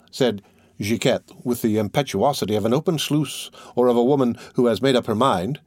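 A man reading a classic novel aloud as narrator, measured and expressive. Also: medium pitch, slightly rough, no room sound, clean studio sound. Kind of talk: scripted narration.

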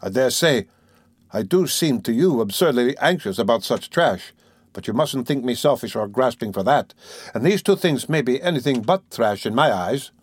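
A man's voice: medium pitch, expressive, moderate pace, husky, no room sound. A man voicing a tense, evasive young student who talks hesitantly and anxiously. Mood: nervous. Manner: hesitant, anxious, fake-casual.

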